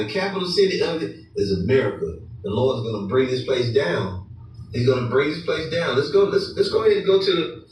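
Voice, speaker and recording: A man preaching a combative sermon, taunting his listeners, then slowing down for solemn scripture reading. His voice sits a little high for a man. He is heard from some distance in a very echoey room with faint noise behind him.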